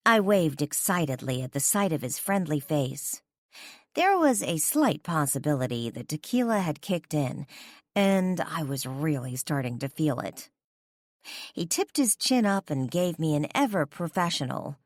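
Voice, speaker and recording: A woman narrating a first-person romance audiobook in an expressive, conversational way. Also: sits low, a little slow, no room sound, studio quality.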